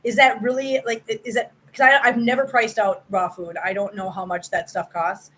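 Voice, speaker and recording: A woman's voice: medium pitch, flat delivery, normal speed, bright, forceful tone, poor audio. A woman hosting a casual livestream, chatting with her viewers by name, laughing often and repeating herself for emphasis. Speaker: host of a cat channel.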